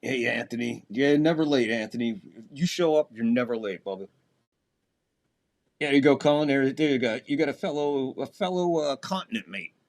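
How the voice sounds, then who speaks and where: A medium-pitched man speaking at a moderate pace hosts a live fan stream, calling the plays of a football game. He chats casually with viewers between snaps, and his voice jumps up on big plays.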